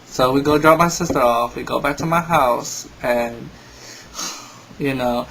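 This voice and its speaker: A man's voice: mid-range voice, measured pace, vocal fry, a bit bright, a little hiss or hum, low-quality recording. Ranting young man telling a story. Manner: exasperated, rambling rant. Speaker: vlogger. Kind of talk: casual storytelling vlog.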